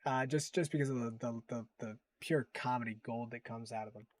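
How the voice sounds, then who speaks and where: A man's voice: medium pitch, a little fast, darkish tone, slight background noise. A man hosting a livestream, chatting casually as he reacts to clips with amused, rambling asides. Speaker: livestream host.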